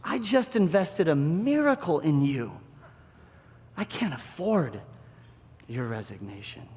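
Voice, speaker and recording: A pastor voicing a patient grown man teacher who answers with gentle, incredulous reassurance. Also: a little high, very animated, takes it slowly, husky, big-room sound, full character voice.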